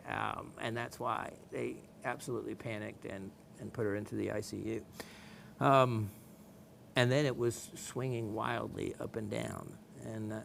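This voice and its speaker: Southern US accent, middle-aged man, gravelly, folksy and rambling, faint room hum. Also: medium pitch. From American South. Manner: folksy, rambling, playful, with frequent fillers and laughs. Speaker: gemstone show host. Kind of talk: casual chat reading viewer messages.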